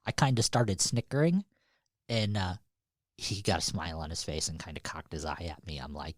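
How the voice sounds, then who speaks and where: A man's voice: on the low side, sing-song, normal speed, a bit bright, dry recording, clean studio sound. A man co-hosting a podcast in casual chat, swearing freely and laughing often as he tells stories. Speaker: podcast co-host.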